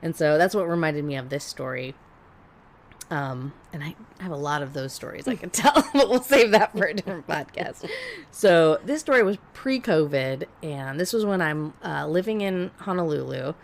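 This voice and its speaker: Low-pitched woman cussing her way through a work story on a podcast, faint hum behind. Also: normal speed, creaky. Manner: profane, blunt storyteller; animated, laughs while telling. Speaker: podcast co-host. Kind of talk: casual storytelling chat.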